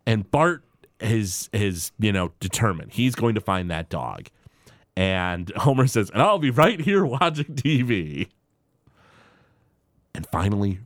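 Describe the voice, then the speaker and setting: A man's voice: sits low, dry recording, studio quality. A man co-hosting a casual podcast, recapping a cartoon episode with many "uh" restarts and acted-out quotes. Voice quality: animated, acts out quoted characters in shifting voices. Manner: filler-heavy, frequent "uh" restarts. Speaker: podcast co-host.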